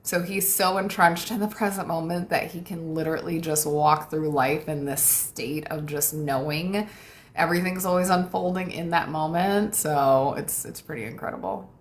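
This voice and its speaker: This young American woman, a manifestation coach, talks casually to her livestream audience, going over their comments and thanking them warmly with light laughter. Her low voice moves at a moderate pace with fairly even intonation, and there's slight background noise.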